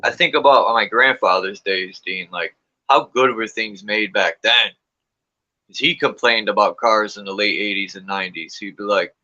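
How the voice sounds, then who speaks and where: A livestream host, male, chats casually with a lowish, bright, forceful voice at normal speed. His storytelling includes swearing and dramatic quote impressions marked by sharp jumps in his voice. The audio comes through muffled.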